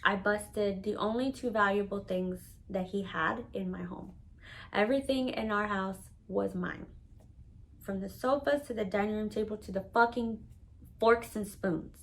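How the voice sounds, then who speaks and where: Storytelling woman, blunt and salty, mid-pitched voice, casual to-camera tale. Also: unhurried, poor audio. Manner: candid, blunt and profane; animated, dramatic storyteller. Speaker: storytelling vlogger.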